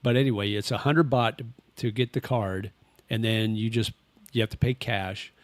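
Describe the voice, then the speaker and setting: A man's voice: fairly low pitch, fairly even intonation, normal speed, no room sound. Easygoing older man chatting on a stream. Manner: rambling, easygoing, answers chat questions. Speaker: livestream host. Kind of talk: casual livestream chat. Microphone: webcam with face tracking.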